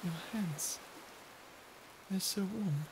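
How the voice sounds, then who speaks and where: Over background noise, a woman's medium-pitched voice moves very slowly as she voices a flustered, prickly young sea creature in a listener-perspective audio drama. The character stammers and covers her fear with insults, all tsundere bluster.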